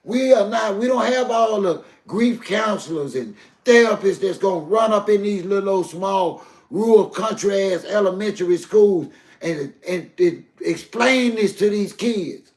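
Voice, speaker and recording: Older guy ranting on his live stream, gravelly voice, roomy echo. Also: high-pitched, expressive, unhurried. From Southern US. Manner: heated, preachy, addresses chat directly. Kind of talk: emotional live stream talk.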